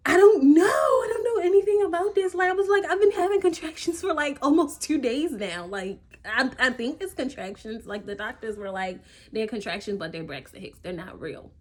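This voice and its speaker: A young woman telling a story in a casual vlog, full of fillers and animated quoted dialogue. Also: medium pitch. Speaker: vlogger.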